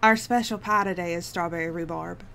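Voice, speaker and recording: A woman voicing a brisk diner waitress in a put-on Southern drawl during a tabletop game. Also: on the low side, gravelly, fairly bright tone. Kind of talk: tabletop role-play voicing.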